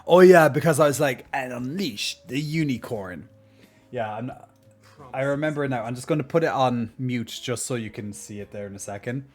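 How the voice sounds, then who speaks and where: Male streamer, casual chat, cheeky and laughing, mid pitch, faint music behind. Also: fairly quick. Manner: laughs often, many restarts, joking and cheeky.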